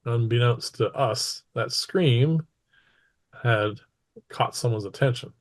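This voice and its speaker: A man narrating a tabletop game as game master, halting with frequent fillers between phrases. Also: mid-range voice.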